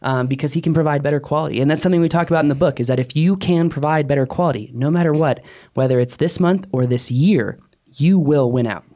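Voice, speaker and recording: Animated man on a podcast. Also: fast. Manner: animated, pitch jumping up, laughs often. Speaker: podcast co-host, drone pilot. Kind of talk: casual podcast discussion.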